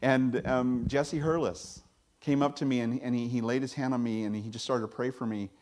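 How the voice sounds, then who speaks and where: Male pastor with a mid-range voice, preaches conversationally, pops into high asides. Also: fairly even intonation, normal speed, darkish tone. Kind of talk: sermon.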